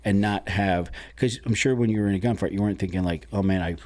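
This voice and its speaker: Deep-voiced man telling stories candidly. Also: fairly even intonation, fast talker, a little mellow. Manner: swears freely, many restarts, candid storytelling. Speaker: podcast guest. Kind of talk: casual conversation.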